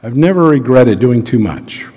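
A man's voice: medium pitch, lively intonation, moderate pace, dark tone, breathy edge. A middle-aged male pastor preaching a sermon, telling a personal story in an earnest, reflective way and asking rhetorical questions. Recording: long reverb of a large hall.

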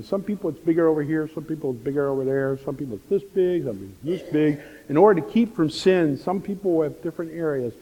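A man preaching a sermon as the pastor, telling a story with animated, repetitive emphasis. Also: a little high. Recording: long reverb of a church hall.

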